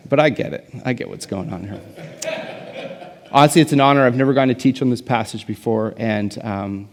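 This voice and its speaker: Gravelly-voiced man preaching in an echoing hall. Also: fairly low pitch, darkish tone. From Canada. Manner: self-deprecating, joking, chatty with fillers. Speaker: guest pastor. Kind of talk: conversational sermon. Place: large church hall. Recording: reverberant church hall.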